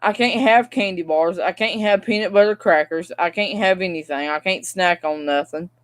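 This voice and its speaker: A woman's voice: fairly low pitch, moderate pace. A young woman, venting to camera in a casual, rambling vlog rant. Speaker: vlogger.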